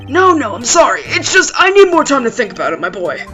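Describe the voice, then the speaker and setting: A woman's voice: on the high side, very animated, fairly quick, pushed and bright, lo-fi sound, faint music behind. A woman voicing an older male lawyer with a put-on Southern US accent, fatherly, fussy and old-fashioned in speech. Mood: troubled.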